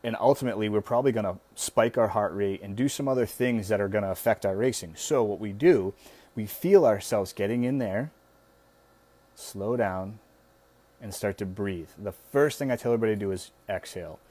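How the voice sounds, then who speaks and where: A man talking as guest host in a casual live-stream coaching talk, relaxed and conversational, now and then acting out an anxious inner voice. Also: on the low side, quick pace, dry recording.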